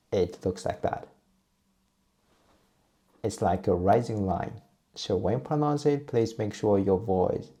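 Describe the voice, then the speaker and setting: Low gravelly-voiced man teaching tones. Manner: patient, steady teaching voice, repeats drill sounds. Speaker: Chinese teacher. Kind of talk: explaining and modeling pronunciation.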